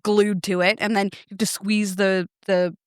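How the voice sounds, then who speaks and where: A woman co-hosting a podcast, telling a story in a lively way and laughing often. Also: medium pitch, normal speed, clean tone, no room sound, clean studio sound. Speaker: podcast co-host. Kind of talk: casual chat.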